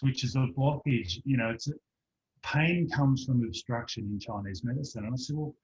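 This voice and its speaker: A man, a practitioner telling a lively anecdote as a guest in an online interview, acting out the voices of the people in it. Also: medium pitch, normal speed. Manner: animated storyteller, acts out voices in anecdotes. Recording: dull lo-fi online call audio.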